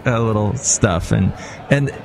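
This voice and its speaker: A man's voice: lowish voice, measured pace, vocal fry, background noise. A man hosting a podcast interview, chatting casually and reacting eagerly to his guest. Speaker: podcast host.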